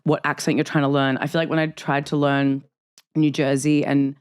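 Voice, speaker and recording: A woman's voice: sits low, smooth. A young woman from Australia, an actor guest on a comedy podcast, chatting casually and laughing often. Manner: lively, giggly, quick to laugh.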